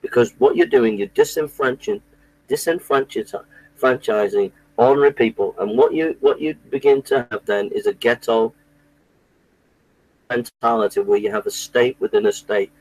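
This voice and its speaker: A man's voice: medium pitch, moderate pace, a little mellow, dry recording, rough recording. A man delivering an indignant, repetitive political rant, often restarting his sentences. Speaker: political commentator. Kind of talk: impassioned monologue to camera.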